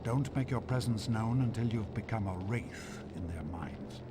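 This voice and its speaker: Actor playing a stern video game mentor, grave and commanding, low pitch, noisy game audio. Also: male voice, moderate pace, lightly acted. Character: stern male mentor training a young warrior. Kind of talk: game cutscene voice acting. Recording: game audio with loud background noise.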